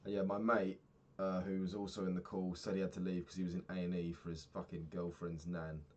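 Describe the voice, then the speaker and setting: Low-voiced young man rambling. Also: flat delivery, brisk, a little mellow, lo-fi sound. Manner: rambling, candid, swears freely. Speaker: vlogger. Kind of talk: casual diary vlog.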